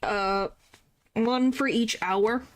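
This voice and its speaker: Playful girl streamer chatting thru a game, kinda high voice, jokey. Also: drawn-out words. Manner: playful, chatty, mild joking swears. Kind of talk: casual game stream chat.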